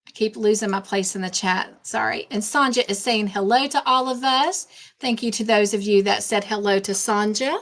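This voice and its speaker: A woman hosting a casual live stream, warmly greeting chat viewers by name and chatting between tasks. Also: mid-range voice, normal speed. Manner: warm, effusive greetings to chat viewers, easily sidetracked. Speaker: livestream host.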